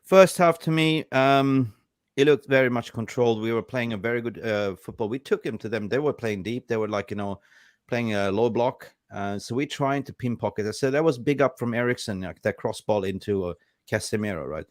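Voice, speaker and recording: A man hosting a casual football reaction show, excitable and full of "like, you know" fillers. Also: medium pitch, fairly quick, no echo, clean studio sound. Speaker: host.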